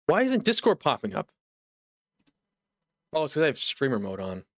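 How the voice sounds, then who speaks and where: A man's voice: mid-range voice, wildly swooping pitch, moderate pace, no echo, studio quality. A young man streaming live from home, ranting in mock outrage with lots of exasperation.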